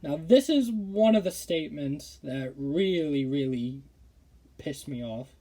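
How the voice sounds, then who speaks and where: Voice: mid-range voice, lively intonation, slow, mellow. A football commentary streamer ranting with indignation in casual talk, often stammering and restarting sentences. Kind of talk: casual opinion rant.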